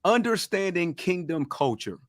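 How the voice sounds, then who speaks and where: Fired-up Southern preacher-style coach. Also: male voice, high voice, sing-song, unhurried, dry recording, clean studio sound. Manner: fired-up, preacher-like, asks for call-and-response. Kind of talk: motivational teaching on a livestream.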